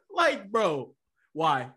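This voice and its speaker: A man's voice: sits high, slightly rough. A man talking casually and emphatically about a movie, repeating his points with friends. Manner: animated, emphatic, repeats himself. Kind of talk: casual movie review chat.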